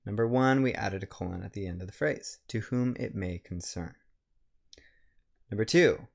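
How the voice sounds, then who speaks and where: A man from a writing center giving a recorded grammar lecture, explaining step by step and slowing down to read example sentences. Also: on the low side, creaky.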